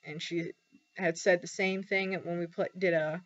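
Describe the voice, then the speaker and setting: A young woman talking candidly in a personal vlog, halting often with ums and pauses. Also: lowish voice, level tone, a bit bright. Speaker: vlogger. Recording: dull lo-fi recording.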